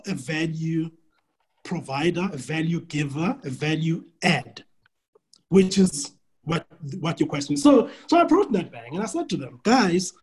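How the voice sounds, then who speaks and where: A man working as a business coach, answering a client's question in an animated, storytelling way with frequent restarts. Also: fairly high pitch, breathy edge, poor audio.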